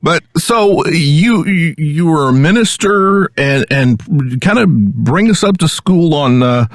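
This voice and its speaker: A man's voice: fairly high pitch, expressive, slow, no room sound, clean studio sound. A man co-hosting a podcast, joking and bantering with the guest. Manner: jokey, playful banter. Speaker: podcast co-host. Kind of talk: casual interview.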